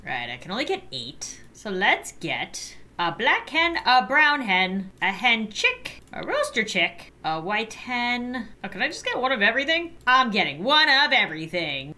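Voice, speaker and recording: A woman commentating on her own game play, her voice bright, sharp and a little high. She swings widely in pitch, gasping and squealing over cute animals and tossing off playfully dark jokes. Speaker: gaming YouTuber. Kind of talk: playing a life sim game, commentary.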